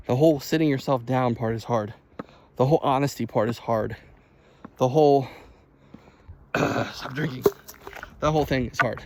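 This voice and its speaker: A man's voice: mid-range voice, a little hiss or hum. Rambling man talking while walking outdoors. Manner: rambling, conversational, laughs at himself. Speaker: vlogger. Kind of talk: casual walking vlog monologue. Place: outdoors walking along a road.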